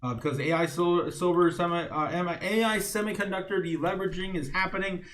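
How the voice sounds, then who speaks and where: A man's voice: high-pitched, steady tone, a little fast, fairly bright tone. A male host giving loose, chatty market-news commentary on a live stream, reading from chat with many fillers and chuckling asides. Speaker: crypto show host.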